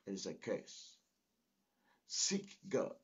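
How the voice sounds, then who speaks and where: Husky guy pastor preaching hard, voice all over the place, kinda dull lo-fi sound. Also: low-pitched, huge pitch swings, slow. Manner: emphatic, exhorting, repeats "listen". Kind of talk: sermon. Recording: dull lo-fi recording.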